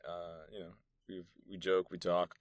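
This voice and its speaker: A man's voice: low voice, monotone, measured pace, no room sound, clean studio sound. A young man from New York hosting a solo podcast, rambling and swearing through loose stories full of fillers, recorded in a soundproof meeting room. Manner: rambling, profane, storytelling with many fillers. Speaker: podcast host. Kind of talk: casual solo podcast monologue.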